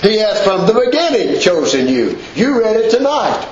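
A man preaching a sermon in a folksy, emphatic way, his voice pitched fairly high and swinging up and down. The recording is dull and lo-fi, with a heavy echo from the room around him. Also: sing-song, moderate pace, slight background noise. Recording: echoey room, dull lo-fi sound.

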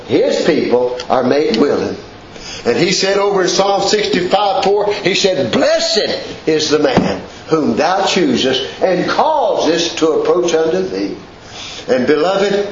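A man's voice: a little high, roomy sound, dull audio, a little hiss or hum. A man preaching a sermon in a church, repeating phrases with rising emphasis.

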